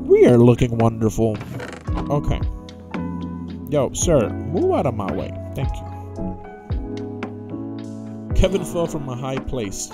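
A young man giving casual, jokey gameplay commentary, talking to himself and to the characters in the game. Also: medium pitch. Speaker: gaming YouTuber.

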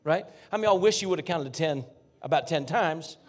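A man preaching a fervent sermon as a guest pastor in a church, talking folksy and straight to the congregation, dropping to hushed whispers and rising to near shouts. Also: fairly high pitch, lively intonation, fast talker. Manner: folksy, addresses congregation directly. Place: church sanctuary.

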